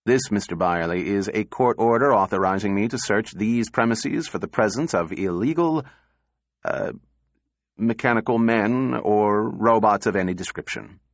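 A man voicing a fussy, nervous little male official who blusters and pushes his voice higher. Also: moderate pace, no echo, studio quality, natural voice. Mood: blustering.

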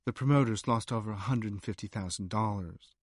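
A man reading a nonfiction history aloud as an audiobook narrator, measured and wry. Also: fairly low pitch, no room sound. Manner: measured, dry storytelling with wry asides.

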